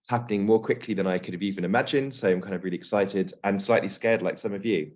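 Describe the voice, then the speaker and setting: A man giving a webinar presentation as the guest specialist, slightly hoarse and speaking in a steady, explanatory way over a video call. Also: fairly low pitch, quick pace, lo-fi sound.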